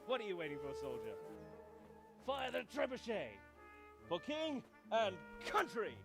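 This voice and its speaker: An actor voicing a rowdy young prankster in a video game, boisterous and bossy. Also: male voice, high voice, huge pitch swings, a little slow, over music, heavily acted. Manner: boisterous, commanding. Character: rowdy young male prankster shouting orders. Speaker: game character.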